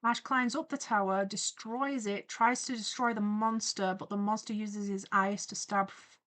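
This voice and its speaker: A woman streamer chatting on a live stream while animating, reading viewer comments aloud and reacting to them with excitement. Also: mid-range voice, normal speed.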